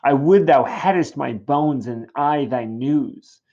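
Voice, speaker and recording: A man voicing an impatient young girl who pleads for news, reading old verse in a raised, drawn-out voice. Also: a little high, expressive, a little mellow, slightly rough, pitched above the performer's own voice. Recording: dull lo-fi recording.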